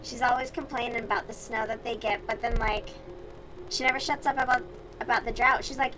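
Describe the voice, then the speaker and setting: A woman's voice: a little high, normal speed, noisy background. A young woman from the US South chatting casually and bluntly with her stream viewers while she crochets, with plenty of swearing.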